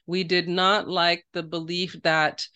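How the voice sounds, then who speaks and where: Bright-voiced woman, earnest and reflective. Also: fairly low pitch, flat delivery, takes it slowly, clear, resonant tone. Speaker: podcast guest. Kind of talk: casual podcast interview.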